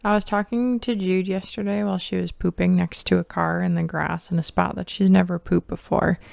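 Woman podcast co-host, relaxed rambling chat, gravelly fry, dry close mic. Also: on the low side, brisk, dry recording. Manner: rambling, chatty, trails off mid-thought. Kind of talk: casual chat.

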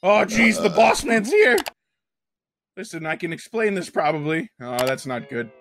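A woman's voice: fairly low pitch, big pitch swings, normal speed, creaky, slight background noise. Pencilmate, frantic cartoon guy. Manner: exclamatory, rambling, bursts into shouts. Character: excitable male cartoon pencil character, chatty and dramatic. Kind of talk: animated cartoon reaction commentary. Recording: voice over loud background music.

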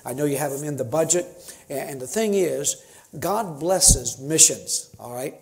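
A man's voice: a little high, lively intonation, moderate pace. A man in his fifties, a missionary preaching a sermon in church, folksy and conversational, building to emphatic preaching. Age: 50s. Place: church sanctuary.

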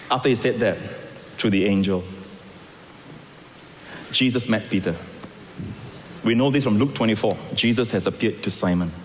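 A man preaching a sermon, acting out the scripture voices and moving between loud calls and soft, quiet lines. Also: fairly low pitch, in a large hall, a little hiss or hum. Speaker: pastor.

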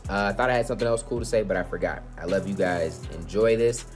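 Gaming channel host, male, eager casual pitch, trips over words, music bed underneath. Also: fast talker. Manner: excited, stumbling over words. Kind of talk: casual video intro. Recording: music playing behind.

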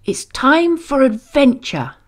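A woman voicing a gentle father coaxing his little boy to sleep. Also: sits high, sing-song, takes it slowly, pitched above the performer's own voice, exaggerated voice. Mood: encouraging. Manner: coaxing, soothing.

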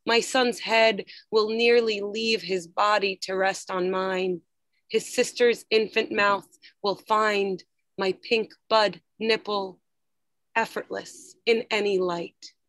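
A woman reads her poems aloud in a slow, quiet, deliberate voice of middle pitch. She speaks over a video call, and the sound is close and dry, with no room around it. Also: fairly even intonation, no room sound. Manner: slow, measured, quiet reading. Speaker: poet reading her own work. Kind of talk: poetry reading.

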